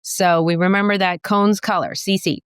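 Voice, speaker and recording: A woman optometrist and professor explaining eye science in a jokey, teacherly way, full of quick asides and wordplay. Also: medium pitch, fairly even intonation, clear, resonant tone, dry recording. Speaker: optometrist and professor giving a guest lecture. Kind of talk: playful explanatory talk to a host.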